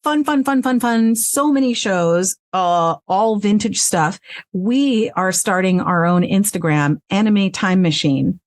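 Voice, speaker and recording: A frank, animated woman speaks as an interview guest, her voice sitting in a middle register. She swears freely and speaks with energy. The sound is close and dry, with no room around it. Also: mid-range voice, unhurried, dry recording. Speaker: voice actress and guest. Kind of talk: casual interview chat. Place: home recording space.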